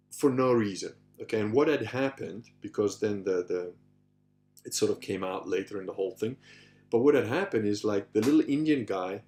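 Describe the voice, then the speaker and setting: A man with a voice on the low side rambles through street stories as a podcast host answering listener questions. His casual storytelling is full of restarts and "you know," and he animatedly acts out the voices in it.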